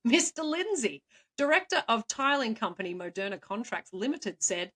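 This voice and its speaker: A woman co-hosting a podcast, playfully telling stories with quick asides and frequent laughs. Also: fairly high pitch, fairly bright tone. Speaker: co-host, storyteller. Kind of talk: casual chat.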